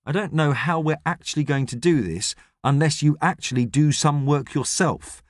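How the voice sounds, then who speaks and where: A man playing a gruff astronaut. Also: fairly high pitch, normal speed, dry recording, studio quality, natural voice. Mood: stern. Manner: stern, exasperated, lecturing. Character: gruff grumpy middle-aged male astronaut. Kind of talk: audiobook character reading.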